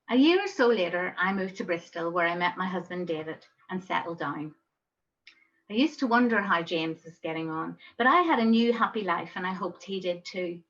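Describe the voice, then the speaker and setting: A middle-aged woman, telling a personal story in a reflective, gently wry manner. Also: lowish voice, muffled recording. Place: home.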